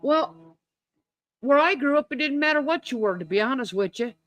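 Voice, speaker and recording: A woman's voice: sits high, animated, normal speed, dry recording, highs cut off. A woman co-hosting a livestream, teasing her friend and telling stories in a casual chat. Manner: teasing, storytelling. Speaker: livestream co-host.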